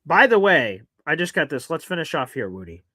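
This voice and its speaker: Excitable man, bright and sharp voice. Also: a little high, a little fast, no echo. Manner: excitable, swears, gets loud and worked up. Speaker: podcast host. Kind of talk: casual sports talk.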